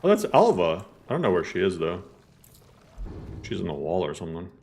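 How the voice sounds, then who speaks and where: A man's voice: sits low, huge pitch swings, a little fast, warm tone. A young man streaming a game, chatting casually and swearing a lot as he argues with his chat. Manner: profane, chatty, arguing with chat. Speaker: gaming streamer. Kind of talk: casual live-play chat.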